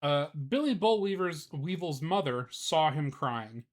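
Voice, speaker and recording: A man on a live stream, chatting casually with lots of fillers before reading a children's book aloud. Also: a little high. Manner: casual, filler-heavy, unhurried, swears.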